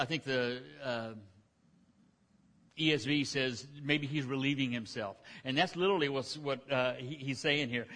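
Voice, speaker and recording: A male pastor preaches with a relaxed, chatty storytelling manner, often restarting his sentences. His voice sits at an ordinary middle pitch. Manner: folksy storytelling with frequent restarts. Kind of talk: conversational sermon, retelling scripture.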